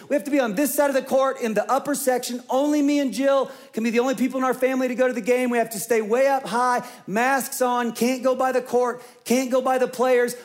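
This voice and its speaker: A male pastor in his forties preaching a sermon, telling a personal story in a lively way that swings from loud to hushed. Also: very high-pitched.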